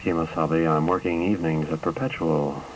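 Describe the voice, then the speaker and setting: A masked cowboy hero played by a man who speaks in a low voice with a wry, mock-earnest delivery. It plays as a vintage radio comedy sketch on noisy old tape. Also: fairly even intonation, moderate pace.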